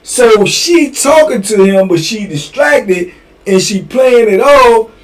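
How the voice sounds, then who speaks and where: Slangy high-voiced storyteller man. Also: lively intonation, takes it slowly, distant mic, soft background music. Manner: slangy, conversational, drawling asides. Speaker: host telling prison stories.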